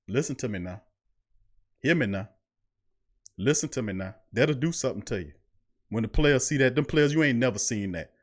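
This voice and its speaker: A man's voice: medium pitch, animated, moderate pace, long pauses. A man hosting a sports podcast at his mic, preaching his points and repeating phrases for emphasis. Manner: preachy, repeats phrases, heavy Southern US slang. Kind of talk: fired-up sports talk. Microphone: studio mic.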